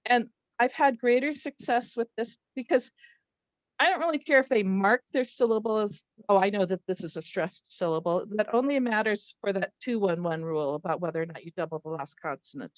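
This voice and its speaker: A woman's voice: medium pitch, steady tone, a little fast, dry recording. A woman literacy instructor leading a live workshop, explaining patiently and demonstrating word stress aloud. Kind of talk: live online workshop teaching.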